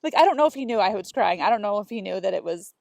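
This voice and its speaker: A woman's voice: mid-range voice, expressive, racing, vocal fry, darkish tone, dry recording. A woman co-hosting a podcast, telling stories in casual chat and acting out quotes as she goes. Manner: storytelling with acted quotes and laughter. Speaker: podcast co-host.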